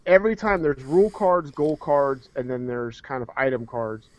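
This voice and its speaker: A man's voice: mid-range voice, moderate pace. A man co-hosting a casual podcast chat, explaining at length in a rambling, hesitant way. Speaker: podcast co-host. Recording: dry, dull lo-fi recording.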